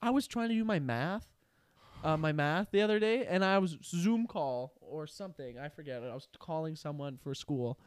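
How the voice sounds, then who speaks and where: A young man in casual chat, telling stories and ranting in quick animated bursts. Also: on the high side, clean tone, no echo, clean studio sound.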